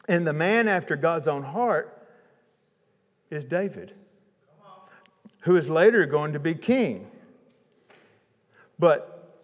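A man preaching a sermon, retelling a Bible story in a casual, lively way with chatty asides. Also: on the high side, long reverb tail.

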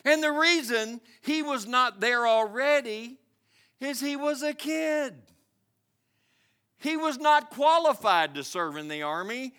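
A man preaching a sermon, telling a story dramatically and swinging between loud and hushed delivery. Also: extremely high pitch, animated, slow, clear, resonant tone. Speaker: pastor.

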